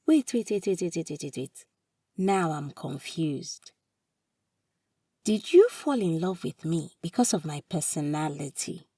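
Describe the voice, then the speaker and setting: A playful young wife teases her husband with exclaiming, rising questions, as a woman storyteller puts her on. Her voice is dark and unhurried. It is recorded dry, a little away from the mic. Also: sits low, very animated, husky, no echo, distant mic, heavily acted. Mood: teasing.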